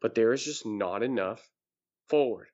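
Blunt low-voiced man in sports talk. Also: moderate pace, darkish tone, dull audio. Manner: blunt, emphatic opinions. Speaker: podcast co-host.

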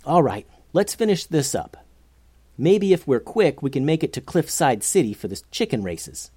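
A storyteller voicing a young male ninja who is cheerful and quick to try talking his way out of trouble. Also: mid-range voice, very animated, warm tone, husky, no echo. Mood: eager.

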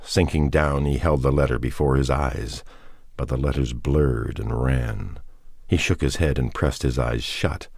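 A male narrator with an extremely deep voice reads a novel aloud in a measured, unhurried way. The sound is dry and close, with no room around it. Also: fairly even intonation, gravelly, darkish tone, husky, no room sound. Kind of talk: scripted audiobook narration.

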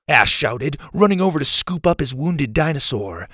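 A man narrating a storybook with a dramatic, expressive reading. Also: on the high side, moderate pace, no room sound, clean studio sound.

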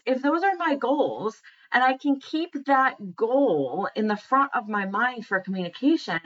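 A woman's voice: a little high, fairly bright tone, muffled recording. A woman talking casually and earnestly about communication, asking many rhetorical questions. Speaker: speaker on communication. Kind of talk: casual monologue.

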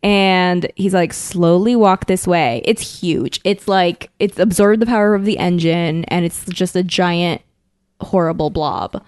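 A woman's voice: lowish voice, measured pace, a little mellow, clear, resonant tone, dry recording. A woman casually recapping an episode on a podcast, acting out the characters' lines with laughter. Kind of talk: casual chat.

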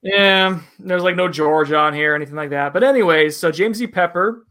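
A man's voice: on the high side, a little fast, sharp tone. A man co-hosting a casual bourbon review chat, rambling and self-deprecating, with lots of fillers.

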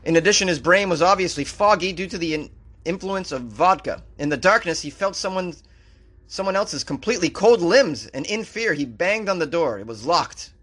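A man's voice: sits high, animated, normal speed, fairly bright tone. A man from Massachusetts hosting a comedy show, riffing sarcastically on strange news stories and laughing at his own jokes.

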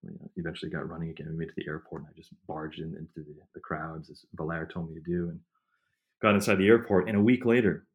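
Middle-aged male historian guest: deep, quick, rambling storyteller full of fillers. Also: fairly even intonation. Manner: rambling with many fillers and restarts. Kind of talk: casual interview answers.

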